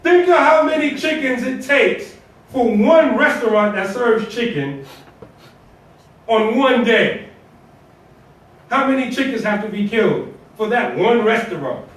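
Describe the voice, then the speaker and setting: High-voiced imam preaching in echoey hall. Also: male voice, animated, measured pace, pauses often, a bit bright, distant mic. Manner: colloquial, conversational preaching with rhetorical questions and repetition. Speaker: imam giving Friday sermon. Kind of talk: sermon. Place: mosque prayer hall.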